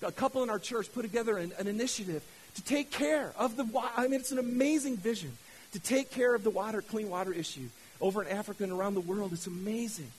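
A man's voice: high voice, quick pace, a little hiss or hum, low-quality recording. A man preaching a sermon as pastor, fired up and often restarting his words. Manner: fired-up, repetitive, stammering restarts.

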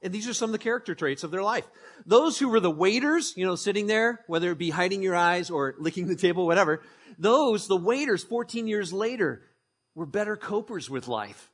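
A man preaching a sermon as pastor, conversational and joking, telling animated stories. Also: high-pitched, a little fast, slightly rough.

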